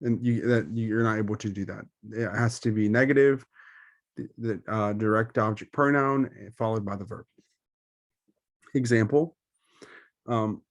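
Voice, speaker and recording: A man's voice: lowish voice, normal speed, pauses often, dry recording. Hesitant man teaching an online lesson. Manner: hesitant, many ums and self-corrections. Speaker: Spanish teacher.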